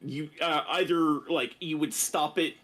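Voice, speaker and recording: A man with a husky, somewhat high voice reads translated classic verse, slowing down on key phrases. Between passages he chats casually as the discussion host. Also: fairly even intonation, fairly bright tone.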